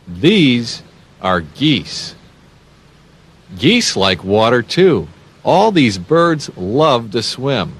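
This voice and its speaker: A man hosting a children's read-along, talking slowly with sing-song emphasis and playful animal sounds. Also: lowish voice, fairly bright tone, husky. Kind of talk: slow, animated reading to young children.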